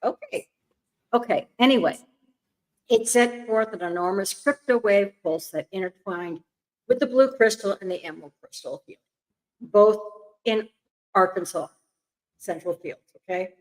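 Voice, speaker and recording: A woman's voice: medium pitch, low-quality recording. An older woman reading a text aloud on a call, stumbling over words and breaking off into chatty asides. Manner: reads haltingly, coughs, apologizes, chatty asides. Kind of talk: casual reading and chat.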